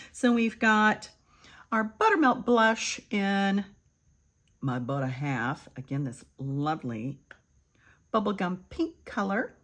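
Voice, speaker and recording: A woman's voice: on the low side, slight background noise. Older lady chatting through a makeup tutorial, bouncy sing-song voice, calls everyone kids. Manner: chatty, addresses viewers as kids, drifts into soft murmurs. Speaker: beauty vlogger.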